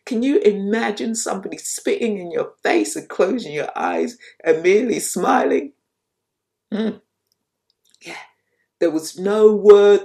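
Slow, soft-spoken woman teaching. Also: mid-range voice. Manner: soft-spoken, unhurried, repeats phrases for emphasis. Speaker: spiritual teacher. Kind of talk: reflective spiritual talk with storytelling.

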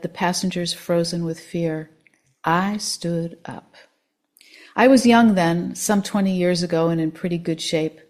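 A woman reading a first-person story aloud in an expressive, measured way. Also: lowish voice.

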